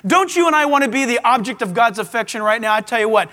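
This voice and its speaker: A man preaching a sermon to a live audience in a large auditorium, animated, with playful asides. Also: very high-pitched, fast, few pauses, in a large hall. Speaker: pastor.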